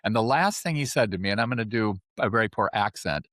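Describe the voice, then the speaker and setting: A man in his seventies, a podcast guest, telling his life story in a chatty, animated way and often checking in with "right?". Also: lowish voice, fast, dry recording, clean studio sound. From California. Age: 70s. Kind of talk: casual storytelling interview.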